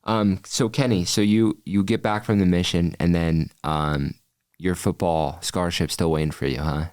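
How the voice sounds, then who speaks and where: A young man hosts a casual podcast interview in a low voice, recorded dry and close. He keeps the conversation going with short encouraging replies and follow-up questions. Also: steady tone, moderate pace, darkish tone, dry recording. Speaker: podcast host.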